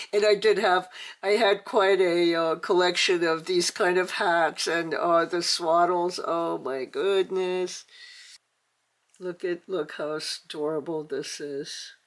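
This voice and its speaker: A woman's voice: fairly low pitch, fairly even intonation, unhurried. An older woman hosting a casual toy unboxing, chatty and gushing, with many fillers. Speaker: toy channel host.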